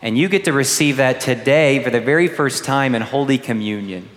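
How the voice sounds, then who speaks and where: A man preaching a gentle homily to first communicants, asking the children questions. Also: mid-range voice, lively intonation, brisk. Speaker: priest. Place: large church. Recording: long church reverb.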